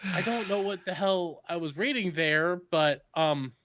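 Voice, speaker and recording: A man hosting a podcast in casual chat, joking and rambling through quick asides. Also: sits high, a bit bright, dry recording. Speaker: podcast host.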